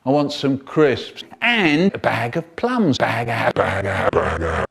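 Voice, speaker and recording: A man telling silly comic stories in an animated spoken-word style, with sudden jumps in pitch. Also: slow, creaky, slightly rough.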